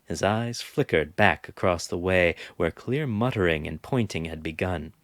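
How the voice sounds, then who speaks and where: A man narrating an audiobook chapter in a measured, expressive way. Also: low voice, no room sound, clean studio sound. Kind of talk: scripted narration.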